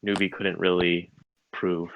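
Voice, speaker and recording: A man's voice: low voice, level tone, unhurried, no echo. A man judging a debate over a call, stumbling and stuttering as he searches for words. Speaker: debate judge. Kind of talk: casual online debate. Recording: dull lo-fi mic.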